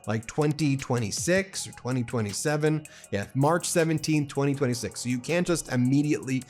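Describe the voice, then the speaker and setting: A man's voice: medium pitch, fairly quick, a little mellow. Male political commentator, indignant and impassioned, faint music behind.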